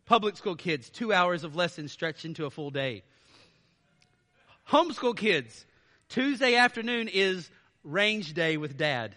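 Man, pastor preaching, high voice, animated with sarcastic asides, long hall reverb. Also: measured pace, pauses often. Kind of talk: sermon.

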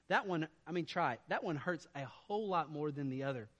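A man preaching a sermon as pastor, swinging from quiet asides to loud, emphatic declarations. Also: on the high side, expressive, fairly quick, few pauses, big-room sound.

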